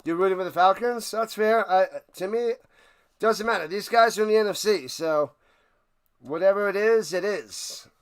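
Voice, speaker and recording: A man hosting a live stream, giving play-by-play commentary and chatting with viewers, erupting into loud excitement on big plays. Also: high-pitched, normal speed, clean tone. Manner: chatty, answers viewers' questions. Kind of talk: play-by-play commentary with chat banter.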